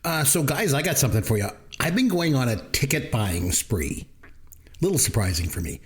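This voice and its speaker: Chatty Canadian man with a lively voice. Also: mid-range voice, normal speed. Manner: chatty, jokey, laughs often. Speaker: podcast host. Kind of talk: casual podcast chat.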